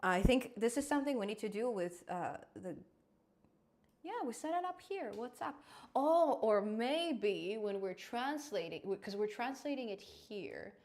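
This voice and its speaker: Slow-talking woman streaming code. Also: on the high side, expressive, darkish tone. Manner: thinks aloud while coding; reads and answers chat. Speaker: host of a live coding stream. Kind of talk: casual live-stream chat.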